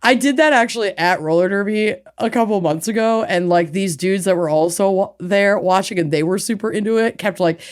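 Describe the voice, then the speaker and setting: Young woman co-host, casual, swears a lot, laughs easily, mid pitch. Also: a little fast, few pauses. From Minnesota. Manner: animated, swears freely, laughs often. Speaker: podcast co-host. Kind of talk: casual chat.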